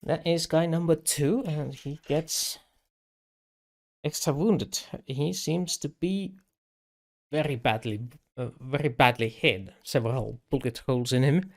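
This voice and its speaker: A man running a tabletop game as game master, speaking haltingly with frequent restarts. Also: fairly high pitch. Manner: halting, with many restarts and laughs.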